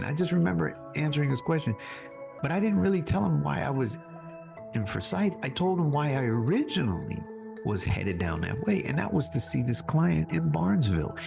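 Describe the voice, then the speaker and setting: A man telling a listener how he survived being shot, in an animated voice that climbs high when he recalls his anger. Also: moderate pace, vocal fry, over music. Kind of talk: casual storytelling.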